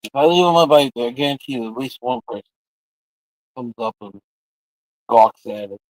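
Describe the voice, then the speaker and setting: A man's voice: mid-range voice, lively intonation, normal speed, no room sound, poor audio. A man hosting a livestream, telling rambling, crude, joking stories in casual chat. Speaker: livestream host.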